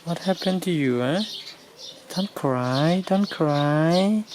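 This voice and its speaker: A woman with a low voice talks slowly to her puppies in a cooing, coaxing tone. Her pitch swoops widely as she soothes them in baby talk. The recording carries a steady background noise. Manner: coos and coaxes in sing-song baby talk. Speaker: dog caretaker filming her puppies. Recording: noisy background hiss.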